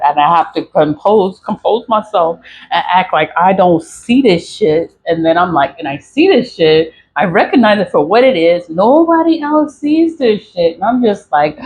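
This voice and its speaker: A woman's voice: fairly low pitch, lively intonation, unhurried, darkish tone, slight background noise, low-quality recording. A woman venting in a casual, profane monologue, repeating herself and laughing between lines. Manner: angry, profane, repetitive venting. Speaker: vlogger.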